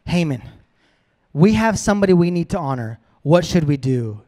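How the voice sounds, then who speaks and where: A man's voice: fairly high pitch, sing-song, moderate pace, dark tone, big-room sound. A man voicing an eager ancient king who gives orders in a casual way.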